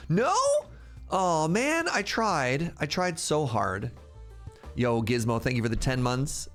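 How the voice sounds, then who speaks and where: Male streamer, playful chat, lively pitch, faint music. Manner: playful, chatty with viewers. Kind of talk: casual live-stream chat.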